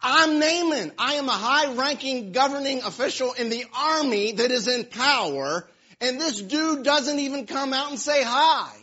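A man voicing an indignant, proud male army official who complains loudly that he was snubbed. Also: extremely high pitch, slow pace, hardly any pauses, voice pushed up, full character voice. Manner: loud and aggrieved. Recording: dull lo-fi sound.

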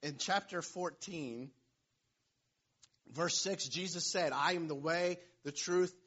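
A man's voice: on the high side, slow, a bit bright, husky. A man preaching a sermon, retelling a scripture story in a playful, joking way with asides to the listeners. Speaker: pastor. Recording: dull, lo-fi sound.

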